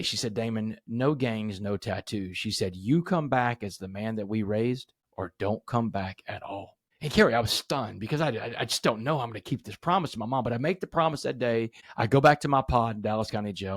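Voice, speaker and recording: A man's voice: on the low side, no room sound, clean studio sound. A middle-aged man from Southeast Texas, a podcast guest telling a vivid personal story in earnest, full of quoted dialogue.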